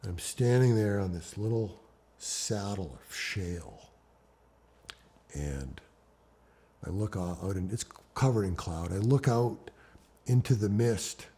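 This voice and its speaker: A man in an interview, telling a climbing story in a lively way that swings between hushed and loud passages. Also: low-pitched, unhurried, long pauses, husky.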